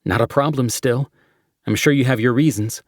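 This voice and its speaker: A man's voice: medium pitch, moderate pace, no room sound, clean studio sound, pitched above the performer's own voice, lightly acted. A man voicing an obliging young woman ticket clerk in an audiobook, with a cheerful manner.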